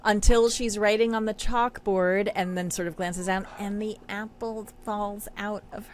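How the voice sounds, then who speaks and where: A woman co-hosting a podcast in casual chat, recapping an episode with emphatic, animated delivery and frequent laughter. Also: mid-range voice, a little slow, slight background noise. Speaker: podcast co-host.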